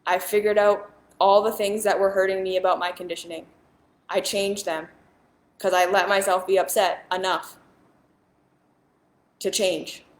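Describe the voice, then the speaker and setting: A woman at an everyday middle pitch speaks directly to her viewers as a spiritual teacher. She is earnest and emphatic and circles back to the same point again and again. Her voice rings a little in a reverberant room. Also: level tone, measured pace, pauses often. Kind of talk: casual monologue to viewers.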